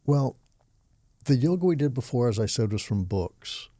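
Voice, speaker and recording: A man's voice: mid-range voice, animated, moderate pace, mellow, no room sound, studio quality. An older man from Texas, a yoga teacher and interview guest, telling his stories vividly and with animation. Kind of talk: storytelling interview.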